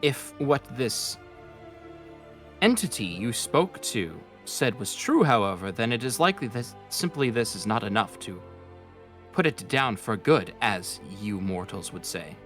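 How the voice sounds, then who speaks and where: A man giving voice to an ancient magic orb from a grimoire, grave and formal, with a lively, rising and falling delivery. It speaks in measured, old-fashioned phrases, like a tabletop game oracle addressing mortals. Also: fairly low pitch, soft background music. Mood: solemn. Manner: formal, archaic, measured speech.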